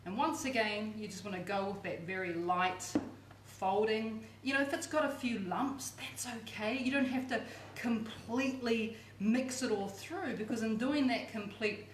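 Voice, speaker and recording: A woman hosts a cooking demonstration in a fairly high voice, chatty and full of playful asides. Her voice rings around a roomy kitchen with a faint hum of background noise. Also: moderate pace. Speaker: cooking show host.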